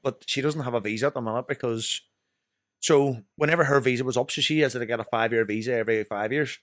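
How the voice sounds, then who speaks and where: A man's voice: medium pitch, fast, fairly bright tone, no echo, clean studio sound. A young Northern Irish man telling rambling, sweary stories as a podcast guest. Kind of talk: casual chat.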